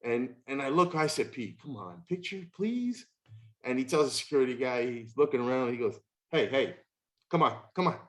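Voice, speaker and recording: A man in his fifties hosts a casual chat and tells a long anecdote. His voice is mid-pitched. He jumps into high, excited voices whenever he quotes someone. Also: a little fast. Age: 50s. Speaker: podcast host.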